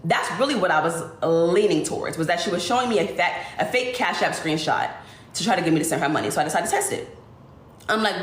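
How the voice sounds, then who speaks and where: Brief: woman, lower voice, animated emotional storytelling, echoey room. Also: a little fast. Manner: animated, speeds through dramatic retelling. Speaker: influencer livestreamer.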